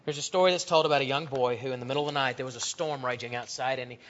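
A man's voice: medium pitch, steady tone, racing. Man preaching a sermon, lo-fi recording. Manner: storytelling, acts out voices in quotes, swings from loud to hushed. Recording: dull lo-fi recording.

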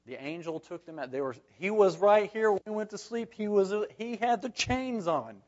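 A man reads scripture to his class and then explains it in plain, folksy talk full of asides. His voice sits a bit high. The recording is dull and lo-fi. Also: lively intonation, moderate pace, a little mellow. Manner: folksy, conversational, adds asides. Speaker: Bible study teacher.

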